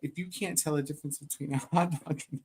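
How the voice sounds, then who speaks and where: A woman's voice: sits low, steady tone, fast talker, darkish tone, slightly rough. Teasing, laughing woman co-host. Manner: teasing, swears, laughs a lot. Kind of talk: casual live-stream chat.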